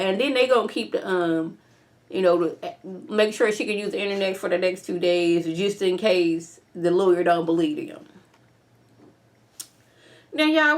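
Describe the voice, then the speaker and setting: A young woman casually recapping and reviewing a TV episode in an opinionated, slangy way. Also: medium pitch. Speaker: TV show reviewer.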